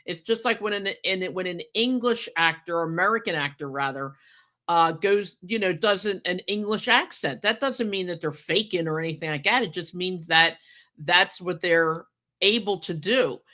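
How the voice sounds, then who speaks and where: A woman hosting a podcast, talking in an easy, chatty way. Her voice has a bright, forceful edge, and she presses her points hard, often asking "okay?" before moving on. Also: on the low side, normal speed. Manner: emphatic, chatty, keeps adding "okay?". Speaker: podcast host. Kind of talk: casual podcast chat.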